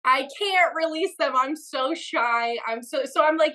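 Young woman guest, keeps laughing, bright tone, slightly high. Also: a little slow, low-quality recording. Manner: giggly, flustered, laughs often. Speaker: podcast guest. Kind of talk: casual interview chat. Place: home studio.

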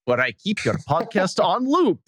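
A man's voice: high voice, very animated, moderate pace, no room sound, clean studio sound. A man putting on a mock Estonian puppeteer. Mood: gushing. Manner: breaks into laughter while reading. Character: enthusiastic Estonian male puppeteer fan. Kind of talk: comic reading of a listener letter.

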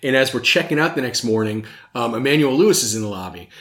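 Fast-talking man rambling through a podcast. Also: medium pitch, lively intonation, fairly bright tone, roomy sound. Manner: rambling, jokey, swears, laughs often. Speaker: podcast host. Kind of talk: casual chat.

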